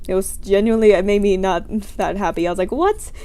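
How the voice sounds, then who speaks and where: A woman's voice: mid-range voice, fairly even intonation, a little fast, warm tone. A young adult woman streamer in her room, chatting casually through scenario questions in a rambling, giggly, self-deprecating way.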